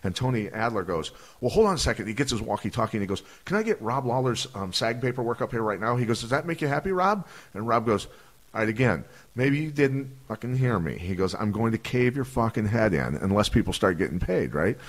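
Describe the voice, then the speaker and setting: A man's voice: on the low side, big pitch swings, fast talker. A man, a retired fighter telling profane stories on a podcast and acting out the voices of the people in them. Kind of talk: casual storytelling.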